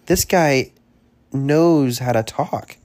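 A man hosting a comedy podcast, boasting about his soothing voice in a deadpan, drawn-out way. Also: mid-range voice. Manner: deadpan self-praising, drawn-out phrases. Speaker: podcast host.

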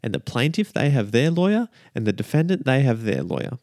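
A man preaching a lively, emphatic sermon as a minister, often checking in with the listeners. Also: medium pitch, fairly quick, dry recording, studio quality.

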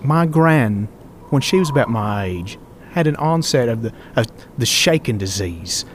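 A man's voice: mid-range voice, expressive, measured pace, slight background noise, lightly acted. A man voicing a cruel, grinning female assassin who taunts her captive. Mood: taunting.

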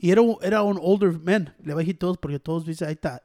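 A man's voice: sits high, very fast, no echo, clean studio sound. A man telling a story in casual chat among friends, swearing a lot and acting out other people's lines. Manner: profane, animated, mimics other people.

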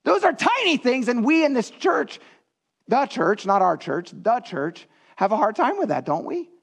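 A male pastor delivering a sermon with a notably high-pitched voice. He talks to the congregation directly and earnestly, in a conversational preaching manner. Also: big pitch swings, moderate pace, vocal fry, slightly rough.

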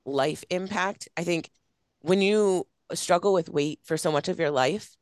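A woman's voice: lowish voice, a little slow, no room sound, clean studio sound. A young woman hosting a podcast, talking in a gushing, casual way full of "like"s. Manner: gushing, filler-heavy with many "like"s. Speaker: podcast host and coach. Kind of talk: casual interview chat.

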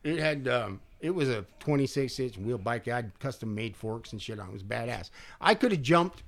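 A man's voice: mid-range voice, lively intonation, a little fast. A man co-hosting a podcast, telling a rowdy, profane story in casual chat and laughing often. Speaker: podcast co-host.

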